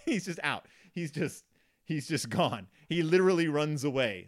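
A man's voice: a little high, lively intonation, moderate pace. A man giving a casual, sardonic, rambling commentary on a children's book, joking as he goes. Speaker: book reviewer.

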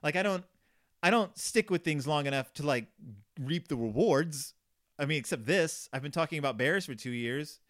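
A man's voice: a little high, lively intonation, normal speed, fairly bright tone. A man hosting a comedic recap, rambling and self-deprecating with lots of fillers. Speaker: podcast host.

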